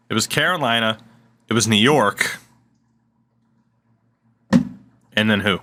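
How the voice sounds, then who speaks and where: A man's voice: fairly low pitch, pushed and bright. A man giving casual, sarcastic gameplay commentary at his desk mic. He swears freely and mutters to himself as he plays. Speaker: gaming channel host.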